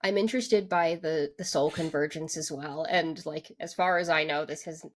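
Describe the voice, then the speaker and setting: A woman's voice: low-pitched, normal speed. A woman co-hosting a podcast, talking through an anime episode in casual chat with lots of "like" fillers and restarts. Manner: rambling, full of "like" fillers and restarts. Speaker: podcast co-host.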